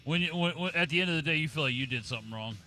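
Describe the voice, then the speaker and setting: A man's voice: on the high side, sharp tone, faint music behind. A man co-hosting a live radio show, joking and reacting to the host. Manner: wry quick reactions, joking.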